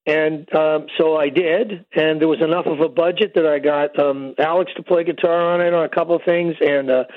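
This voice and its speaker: An older man phones in to tell long, wandering stories, full of "you know" and "um." His voice sits a little high for a man and comes through a thin phone line. The sound is close and dry. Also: steady tone, moderate pace, no echo. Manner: long rambling storytelling with many fillers. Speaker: guest musician. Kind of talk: casual interview over the phone.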